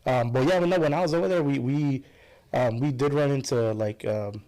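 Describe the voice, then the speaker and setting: A man's voice: medium pitch, moderate pace, dark tone. A man telling rambling stories in a casual podcast chat, full of restarts and fillers. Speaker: podcast guest.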